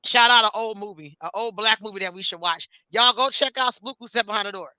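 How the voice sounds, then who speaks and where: A woman's voice: medium pitch, fast talker, pushed and bright, smooth, no room sound. A woman in her forties co-hosting a casual chat, blunt and profane, telling stories with animation. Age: 40s. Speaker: co-host.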